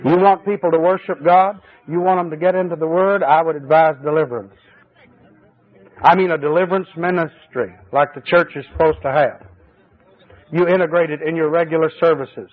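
Preacher man, fervent, kinda high voice, swings from loud exclaiming to quiet asides, old tape sound. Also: fairly even intonation, fast talker. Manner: emotional, swings from high exclaiming to low confiding. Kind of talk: fervent recorded sermon. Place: church service. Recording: tinny old cassette tape recording.

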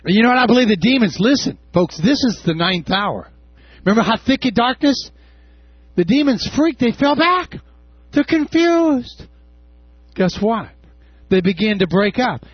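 A male preacher with a high, husky voice that swings widely in pitch, preaching with passion and breaking into shouts. The sound is dry and slightly dull. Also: no room sound. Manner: impassioned, with shouted peaks and casual asides. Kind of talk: sermon.

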